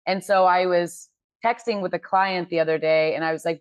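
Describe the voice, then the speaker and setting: Low-voiced woman telling lively stories. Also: no room sound, muffled recording. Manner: animated storyteller, quick asides, laughs often. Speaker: podcast co-host. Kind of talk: casual chat.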